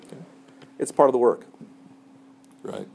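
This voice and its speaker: Speaking at a measured pace with a slightly mellow tone, a middle-aged Muslim chaplain advises students in a room. His manner is casual and conversational, peppered with "right?" and "okay?".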